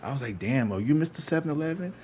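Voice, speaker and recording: A man with a St. Louis accent telling a swearing-heavy story, casual and animated, acting out what other people said. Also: medium pitch, fast, breathy edge. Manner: profane, animated, acts out other people's lines. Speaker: tarot reader telling a story.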